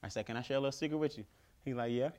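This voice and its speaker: A man giving a motivational keynote speech, telling stories with animated, emphatic repetition. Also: mid-range voice, racing. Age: adult father. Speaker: keynote speaker.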